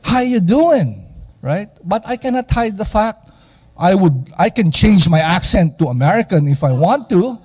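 A man from the Philippines with a Filipino accent, preaching a lively, conversational sermon and asking the audience questions. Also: sits high, moderate pace, slightly rough.

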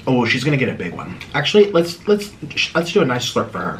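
A man hosting a casual eating vlog, excitable and squealing, bickering playfully. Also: medium pitch, fast, a little hiss or hum. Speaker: mukbang host. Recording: clattering dishes and clicks behind.

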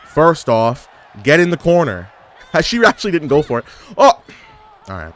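A young man giving casual, animated gameplay commentary as a gaming YouTuber, trash-talking and exclaiming. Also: a little high, unhurried, some chatter behind. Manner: animated trash talk, frequent laughs and exclamations.

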